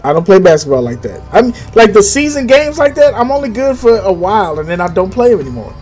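Animated, slightly high-voiced man chatting. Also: quick pace, faint music behind. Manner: animated, jumps high into acted quotes. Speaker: podcast co-host. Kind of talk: casual profane chat.

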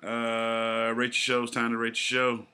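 A man's voice: medium pitch, completely flat delivery, normal speed, bright, forceful tone, smooth. A man with a Southern US accent co-hosting a podcast in a casual, laid-back, profane way. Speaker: podcast co-host.

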